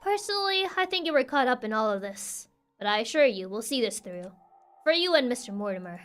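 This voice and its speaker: A woman voicing a calm professional detective, reading game dialogue aloud in a measured, reassuring manner. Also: fairly high pitch, soft background music.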